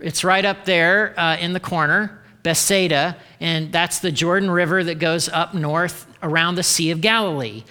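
Bright-voiced man preaching in an echoey hall. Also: on the high side, fairly even intonation, normal speed, hardly any pauses, clear, resonant tone. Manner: casual, joking asides. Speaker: pastor. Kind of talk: sermon.

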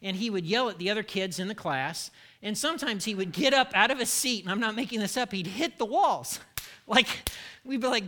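Bright, high-voiced male pastor preaching. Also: expressive, normal speed. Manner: candid, self-deprecating storytelling. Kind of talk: sermon.

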